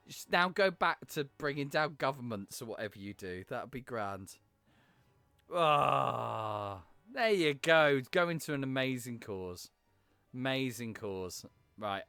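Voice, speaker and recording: Lively, swearing man streaming games. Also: mid-range voice, no echo, soft background music. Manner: chatty, swears freely, quick jokes and asides. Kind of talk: casual live-stream chat while gaming.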